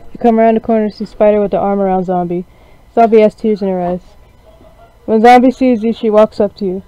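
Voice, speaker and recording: A man's voice: high-pitched, smooth, dry recording. A man reading a game story aloud with sarcastic, mocking asides, as a gaming channel host. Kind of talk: reading a visual novel aloud with commentary. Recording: dry, dull lo-fi recording.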